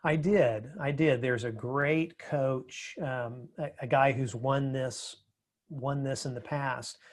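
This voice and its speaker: A man speaking as a podcast guest, telling his story in a reflective, measured way, often restarting his sentences. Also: mid-range voice, steady tone. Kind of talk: casual interview conversation.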